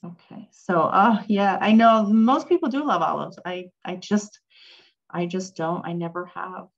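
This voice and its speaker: A woman's voice: lowish voice, measured pace, vocal fry, muffled recording. A woman teaching a casual online language lesson, chatty and full of ums, reading and answering questions from a chat. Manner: chatty, reads chat aloud, frequent ums. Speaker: Hebrew teacher.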